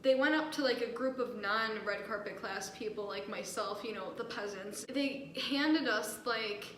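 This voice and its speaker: A young woman with a fairly high voice tells a school story in loose, casual chat, laughing often and packing her lines with fillers. She sounds a little roomy and echoey, with a faint hiss under her voice. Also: a little slow. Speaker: podcast co-host. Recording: echoey room with faint noise.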